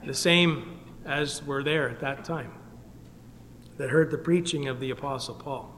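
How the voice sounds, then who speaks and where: A man from Canada preaching an earnest gospel sermon, pleading with his listeners and swinging between loud and soft. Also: mid-range voice, unhurried, in a large hall, a little hiss or hum. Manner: earnest, pleading, rises and drops in volume. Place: meeting hall.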